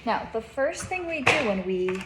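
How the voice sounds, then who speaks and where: A woman's voice: a little high, very animated, moderate pace, heavy background noise. A woman teaching a child reading in a one-on-one lesson, patient, repeating her questions and checking in with "okay?".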